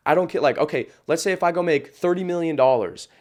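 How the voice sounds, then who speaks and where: Blunt, profane young man, slightly high voice. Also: fast. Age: late teens. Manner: blunt, profane, emphatic, peppered with "bro"; rambling with frequent restarts. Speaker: podcast guest, entrepreneur. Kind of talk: casual podcast storytelling.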